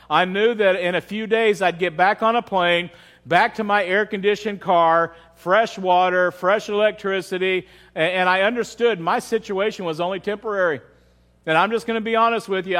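A high-pitched man gives a sermon at a church service. He talks to the congregation like friends, keeps asking them questions, and often repeats a word before a thought gets going. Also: fairly bright tone. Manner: conversational, questions the audience often; repeats words as he starts sentences. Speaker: pastor.

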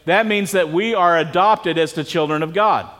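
A pastor whose voice sits high and a bit bright preaches at normal speed to a church congregation. His sermon is casual and conversational, and he frequently stops to ask the listeners questions.

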